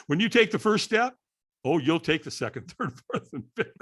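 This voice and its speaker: A Californian man in his sixties, a guest on a podcast, tells an animated story in a bright, forward voice with a breathy edge. He moves at a moderate pace, acting out other people's lines with wide pitch swings and often checking in with "right?"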